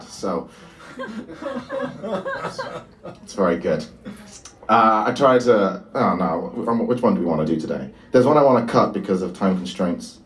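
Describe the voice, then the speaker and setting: Heard from a distance, this mid-range male voice belongs to a comedian in his 20s doing stand-up at a small bar with a live audience, his delivery dry and self-mocking.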